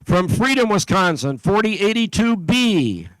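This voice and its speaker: A man with a notably high voice reads out team after team at an event venue, working through a list at a steady pace with small slips and asides along the way. His voice sounds dry, with hardly any room around it. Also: measured pace, dry recording, poor audio. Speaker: event announcer. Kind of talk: announcing teams at a competition.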